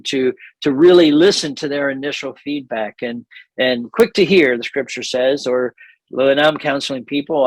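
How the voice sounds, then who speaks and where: A man's voice: on the high side, dry recording, low-quality recording. A middle-aged man leading a church seminar, talking conversationally with frequent restarts and small laughs.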